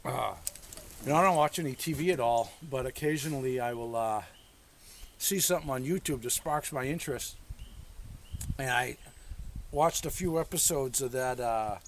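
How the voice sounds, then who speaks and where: A man's voice: medium pitch, normal speed, long pauses, a little hiss or hum. A man hosting an off-grid homesteading vlog, chatting in a folksy way outdoors and full of country sayings. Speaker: homesteader, channel host. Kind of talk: casual outdoor vlog talk. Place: outdoors in the woods.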